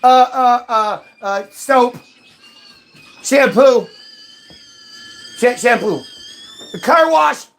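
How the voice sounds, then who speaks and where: A man's voice: very high-pitched, slight background noise, full character voice. Brief: a man as a flustered, stammering guest who cannot answer a simple question. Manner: stammering, halting. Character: dithering adult naming random things.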